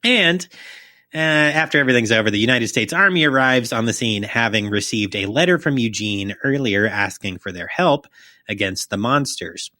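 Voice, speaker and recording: A man's voice: mid-range voice, animated, normal speed, sharp tone, no room sound, studio quality. A young man co-hosting a podcast, chatting loosely and profanely, joking and reading a plot summary aloud. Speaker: podcast co-host.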